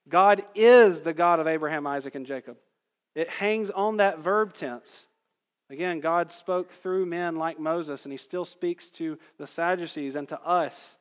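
A man's voice: on the high side, big-room sound. A man preaching a sermon as a pastor, conversational and building to emphatic peaks.

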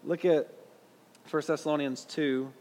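A man's voice: fairly high pitch, fairly even intonation, a little slow, darkish tone, in a large hall. A man with a Southern US accent teaching a Bible class in a conversational way, putting questions to his listeners. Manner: conversational, asks the audience questions.

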